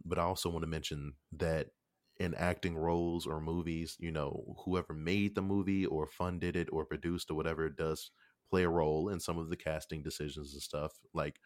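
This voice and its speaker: Very deep-voiced man, casual and profane. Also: no room sound, studio quality. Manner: loose and profane, slips into quoted voices. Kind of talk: casual chat.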